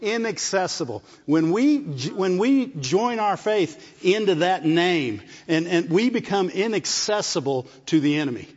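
In a large hall with long reverb, a man preaches in a fairly high voice, unhurried yet with hardly any pauses and big swings in pitch. He repeats phrases as he builds his argument and engages the congregation with call-and-response asides. The audio is muffled and dull.

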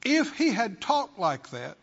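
High, lively, husky male preacher. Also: slow pace. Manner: emphatic, rhetorical questions to the congregation. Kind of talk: sermon. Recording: dull lo-fi sermon recording.

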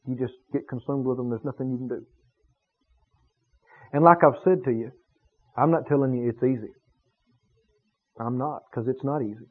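A man preaching a sermon, emphatic and animated, stretching key words for effect. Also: medium pitch, moderate pace, long pauses, husky. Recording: tinny phone-like radio broadcast.

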